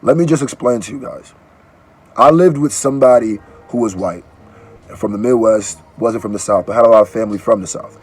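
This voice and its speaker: A man's voice: lowish voice, a little fast, a little mellow, husky. Casual slangy man reacting to a clip. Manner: loose slangy talk with restarts. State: groggy from allergy medicine. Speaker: YouTube reactor and musician. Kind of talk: casual reaction video chat.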